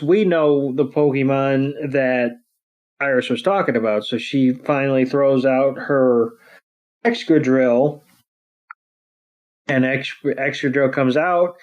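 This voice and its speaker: A man's voice: medium pitch, darkish tone, rough recording. Rambling male podcast co-host. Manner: rambling, many fillers, acts out quotes in silly voices. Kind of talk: casual episode recap chat.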